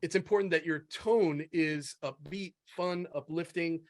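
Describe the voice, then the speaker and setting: A man hosting a webinar panel, his voice a little higher than most men's. He talks casually and with upbeat energy as he steers the conversation, and the sound is dry and close. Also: measured pace, no room sound. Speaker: webinar host.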